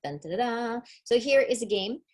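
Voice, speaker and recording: A woman's voice: a little high, lively intonation, moderate pace, darkish tone. A middle-aged woman teaching a parenting webinar on early reading, upbeat and demonstrative, explaining step by step. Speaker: literacy educator.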